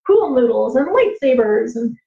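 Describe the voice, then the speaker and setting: High-voiced woman telling lively stories. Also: moderate pace, vocal fry. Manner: animated, laughing, acting out voices. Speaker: Indigenous storyteller and teacher. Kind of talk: storytelling livestream. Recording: roomy, slightly dull livestream audio.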